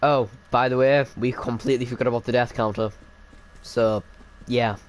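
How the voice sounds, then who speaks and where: In a mid-range voice with a steady tone and normal speed, a male streamer chats casually as he plays a game. He teases himself and greets viewers by name throughout the live stream.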